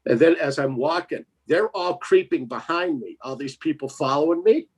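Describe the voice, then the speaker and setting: A man telling a spooky story as a guest. He is lively and emphatic and keeps checking in with "right?". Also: fairly high pitch, moderate pace, breathy edge. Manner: lively, emphatic, tags lines with 'right?'. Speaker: paranormal investigator guest. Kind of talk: casual storytelling.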